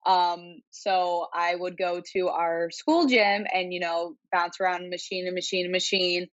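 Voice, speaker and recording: A young woman in her twenties with a Chicago-area accent talks through her story as a podcast guest. Her voice sits fairly low, and she fills it with ums and "you know". The recording is dry and slightly dull. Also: steady tone, a little slow, dry recording. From Illinois, near Chicago. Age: 20s. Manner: chatty storytelling with many fillers. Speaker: interview guest, bodybuilder. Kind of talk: casual interview chat.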